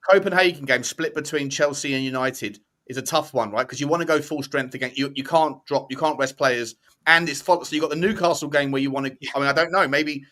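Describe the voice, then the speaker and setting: A man's voice: fairly high pitch, brisk, pushed and bright. A man, a fan podcast panelist in casual football debate, thinking aloud and often correcting himself.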